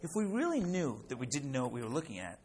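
A man's voice: medium pitch, sing-song, quick pace, darkish tone. A middle-aged man teaching a class in a casual, chatty way, telling a story with lots of fillers and "right?" check-ins. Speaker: Torah teacher.

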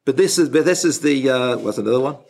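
Man, rabbi-style teacher, gravelly voice, husky, halting delivery, repeats himself. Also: mid-range voice, a little mellow. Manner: halting, often restarts and repeats words. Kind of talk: informal spoken Torah lesson.

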